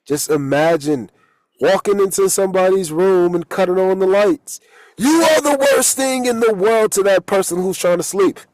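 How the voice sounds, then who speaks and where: A man giving a casual, profane talk as a holistic coach and tarot reader, loose and quick to laugh at his own jokes. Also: sits high, darkish tone, no room sound, low-quality recording.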